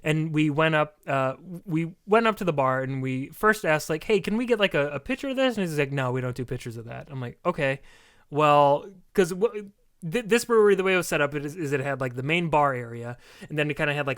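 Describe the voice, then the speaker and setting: A young man co-hosting a podcast, telling an animated, profane story in casual chat and acting out the other people's lines. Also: a little high, a little fast, clear, resonant tone, dry recording, clean studio sound. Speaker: podcast co-host.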